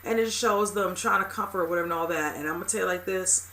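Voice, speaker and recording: Quick-talking recap host rambling through a tv episode, lots of "you know, whatever", gets worked up, mid pitch. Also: pushed and bright, slight background noise. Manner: emphatic, exclaiming at upsetting scenes. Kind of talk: casual episode recap commentary.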